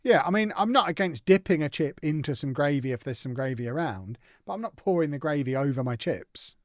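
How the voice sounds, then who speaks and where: A man's voice: on the high side, animated, fairly quick, dry recording, studio quality. A young man hosting a casual live gaming stream, reading out chat and answering it with playful, teasing banter.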